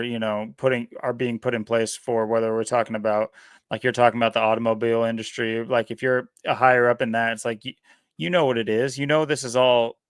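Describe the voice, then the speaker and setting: A man co-hosting a podcast in casual chat, talking in a rambling, animated way. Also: medium pitch, clear, resonant tone, dry recording, studio quality. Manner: rambling, animated, laughs often. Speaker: podcast co-host.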